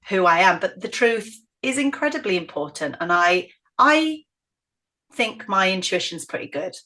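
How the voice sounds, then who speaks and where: A middle-aged woman with a northern English accent, telling stories as an interview guest in an outspoken, animated way. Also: mid-range voice. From northern England. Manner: outspoken, animated, acts out quoted voices. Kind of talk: casual interview storytelling.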